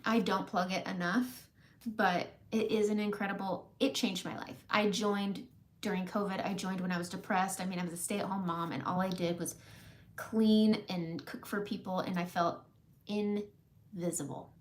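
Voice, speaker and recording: A woman chats to her viewers in a casual, heartfelt way, her voice sitting at an ordinary middle pitch. She is emotional and close to tears at times. She laughs often between thoughts. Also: steady tone, moderate pace. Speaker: makeup vlogger. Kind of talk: casual heartfelt talk to camera.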